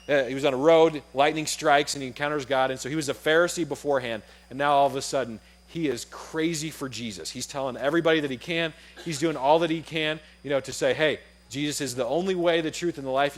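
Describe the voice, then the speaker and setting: A young man preaching in a church, his voice sitting a little high for a man. He tells stories with energy and acts out the dialogue, talking to the congregation in an easy, conversational way. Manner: animated storytelling, acts out dialogue. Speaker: pastor. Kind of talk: sermon. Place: church auditorium.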